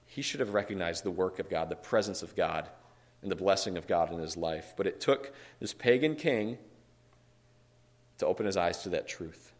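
A man's voice: low voice, normal speed. A man leading a Bible study in a conversational teaching style, reading scripture aloud and explaining it with emphatic asides.

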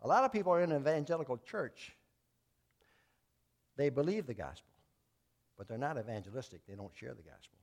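A man preaching as a Baptist pastor, folksy and plain-spoken, swinging between loud emphatic lines and quiet asides. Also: medium pitch, animated, fairly quick, pauses often. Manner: folksy, telling jokes and acting out voices. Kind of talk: sermon.

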